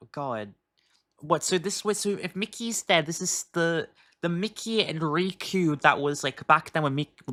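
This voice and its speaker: A reaction streamer who talks casually, asking rambling, confused questions and swearing often. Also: male voice, on the high side, a bit bright.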